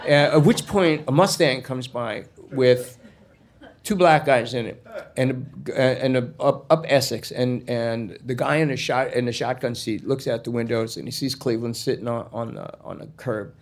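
A man's voice: mid-range voice, normal speed. Rambling male storyteller. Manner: casual, rambling, many fillers and restarts, crude asides. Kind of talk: storytelling monologue.

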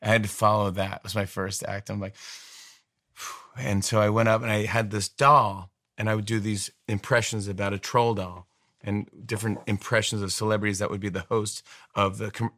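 A man in his forties tells animated, rambling anecdotes as an interview guest, often restarting his phrases. His voice sits on the low side, and the sound is dry and close. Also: normal speed, dry recording. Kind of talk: storytelling interview chat.

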